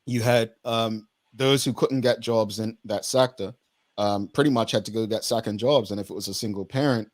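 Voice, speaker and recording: A man's voice: fairly low pitch, moderate pace, no room sound. A man from Bermuda hosting a talk show, conversational and thinking aloud, often repeating himself.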